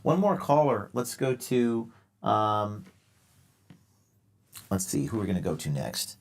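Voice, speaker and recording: A man's voice: fairly low pitch, big pitch swings, takes it slowly. A man hosting a live call-in show, lecturing callers in a sarcastic, mock-earnest way. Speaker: show host taking calls.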